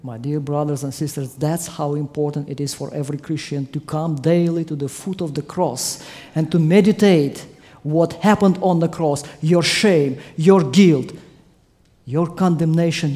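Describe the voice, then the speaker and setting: Emphatic, warm-voiced male preacher. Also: fairly high pitch, normal speed. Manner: emphatic, swelling to loud climaxes. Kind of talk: sermon.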